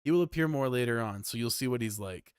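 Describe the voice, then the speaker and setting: A man's voice: medium pitch, expressive, fast, smooth, no echo, clean studio sound. A young Canadian man giving casual, profane commentary over a video game, laughing often and rambling. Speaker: let's play host. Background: game music.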